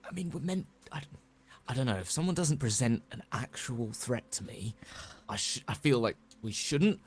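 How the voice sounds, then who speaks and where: A man's voice: medium pitch, lively intonation, moderate pace, husky. A man playing a tabletop game, speaking hesitantly with frequent restarts. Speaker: player. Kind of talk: in-character tabletop play.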